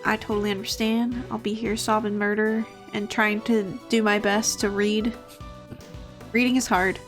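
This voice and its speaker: A woman's voice: mid-range voice, little pitch movement, normal speed. A woman streaming a game casually, chatting with viewers and laughing often. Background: game music.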